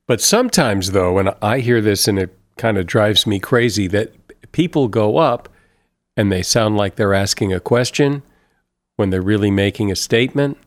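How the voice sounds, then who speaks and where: A man hosting a podcast, asking relaxed conversational questions. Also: lowish voice, normal speed. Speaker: podcast host. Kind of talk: casual interview chat.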